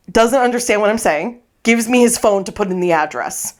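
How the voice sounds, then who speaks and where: A woman co-hosting a podcast, telling a funny story in casual chat, animated, swearing freely and acting out her own lines. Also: mid-range voice, fairly quick. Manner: animated, swearing, acts out her own quotes, laughs often. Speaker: podcast co-host. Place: podcast recording space.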